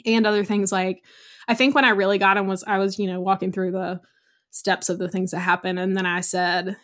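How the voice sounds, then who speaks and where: A woman's voice: medium pitch, little pitch movement, brisk, a bit bright. Chatty young woman telling a story. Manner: chatty, storytelling, many likes and you knows. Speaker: podcast guest. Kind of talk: casual chat.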